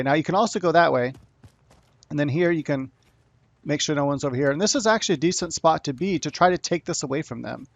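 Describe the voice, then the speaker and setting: A man's voice: mid-range voice, creaky, no room sound, dull audio. A man giving a casual gameplay tutorial, rambling with frequent restarts and "you know" as he explains tactics. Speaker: gaming tutorial creator.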